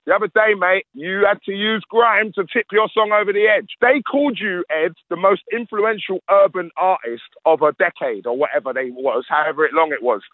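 Man, ranting, emphatic, high-pitched, dry studio. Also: fairly quick, hardly any pauses, dry recording, phone-quality sound. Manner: ranting, emphatic, repeats himself. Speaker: guest. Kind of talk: heated radio interview. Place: radio studio.

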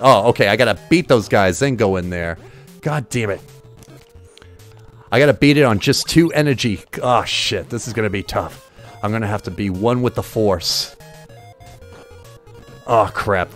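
A man streaming retro games and commenting casually, excitable and jokey, swearing often as he plays. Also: lowish voice, normal speed, pauses often, soft background music.

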